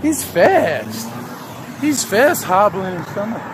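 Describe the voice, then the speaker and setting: A man with a very high voice drawls slowly as he streams from a city street, speaking in a profane, slangy, excitable way. He holds his camera in his hand outdoors, and a faint hum of street sound sits behind him. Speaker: live streamer. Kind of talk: live street vlogging.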